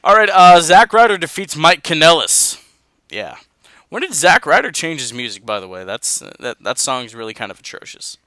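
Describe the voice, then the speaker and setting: A man's voice: a little high, big pitch swings, normal speed, bright, forceful tone, no room sound. A man hosting a casual wrestling podcast, reading out match results and chatting loosely with dude and man. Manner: laid-back, says dude and man, reads out results. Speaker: podcast host.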